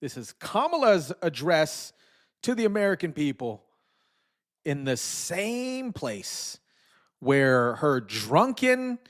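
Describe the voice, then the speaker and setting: A man's voice: fairly high pitch, big pitch swings, slow pace. A man hosting a live stream, casually commenting and mocking with frequent chuckles. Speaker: streamer host.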